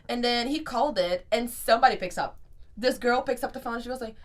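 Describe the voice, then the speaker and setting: Fast and fairly high-pitched, a young female podcast co-host tells festival stories in casual conversation. She animates her tales by acting out quotes and swears freely.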